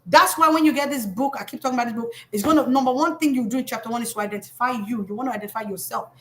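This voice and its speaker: Animated high-voiced Nigerian woman coach. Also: racing, a little hiss or hum. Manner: animated, emphatic, scolding with humor. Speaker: financial coach. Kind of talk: live motivational talk.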